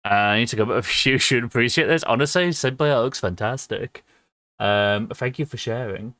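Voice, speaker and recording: A man's voice: medium pitch, moderate pace, bright, forceful tone, no room sound, studio quality. A young man, chatting casually with viewers on a livestream, rambling with lots of ums and small laughs. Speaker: streamer.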